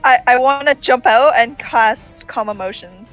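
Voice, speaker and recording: A woman playing in a casual tabletop game, brash and quick to swear. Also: a little high, a bit bright, soft background music, rough recording. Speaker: player.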